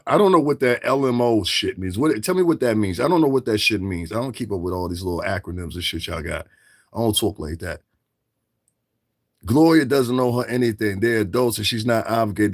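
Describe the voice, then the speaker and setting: Here a middle-aged livestream commentator launches into a confrontational, profanity-laced rant, hammering his points through repetition. He speaks at medium pitch with a breathy edge.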